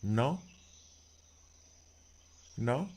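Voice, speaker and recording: A man streaming a game, chatting casually and telling stories in an animated, emphatic way. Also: mid-range voice, very slow. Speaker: gaming streamer.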